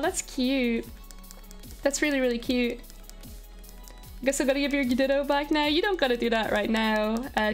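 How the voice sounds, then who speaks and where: A woman streaming a video game live, gushing and excitable as she chats with her viewers. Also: fairly high pitch. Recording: faint background music.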